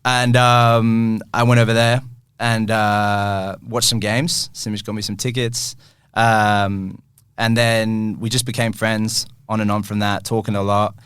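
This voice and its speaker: A man's voice: on the low side, little pitch movement, measured pace, a bit bright, clean tone, no room sound, clean studio sound. A young man, a football kit store owner, telling a long story in casual chat, laughing and acting out his own reactions.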